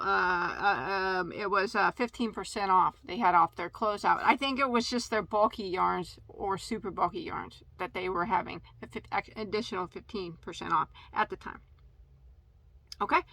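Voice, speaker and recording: A woman's voice: mid-range voice, sharp tone, no room sound. A woman hosting a casual yarn haul video, chatty and tripping over yarn names. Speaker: crochet channel host.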